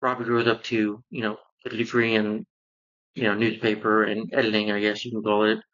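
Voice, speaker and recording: A man's voice: fairly low pitch, little pitch movement, a little fast, fairly bright tone. Rambling man recapping a cartoon, lo-fi. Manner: rambling recap full of "you know" fillers. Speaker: cartoon reviewer. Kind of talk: casual spoken review.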